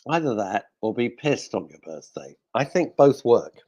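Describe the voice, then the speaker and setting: A man's voice: mid-range voice, very animated, normal speed, hardly any pauses, darkish tone. A male radio host chatting casually in a studio, cracking jokes and reading out listener messages. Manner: jokey, rambling, talks to himself.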